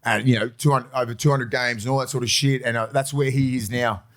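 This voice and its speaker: A man's voice: mid-range voice, fast talker. A man in his forties with an Australian accent, a former rugby league player telling rambling, sweary stories on a casual podcast. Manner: rambling, sweary, animated storytelling.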